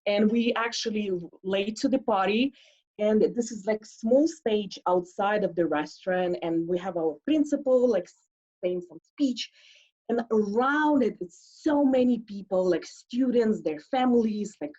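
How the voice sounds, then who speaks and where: A woman tells a personal story to an audience in a chatty way, with plenty of "like", and slips into the voices of the people she quotes. Her pitch sits in an ordinary middle range. The sound is dull and lo-fi, like a streamed recording. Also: expressive, measured pace, warm tone. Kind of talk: live storytelling monologue.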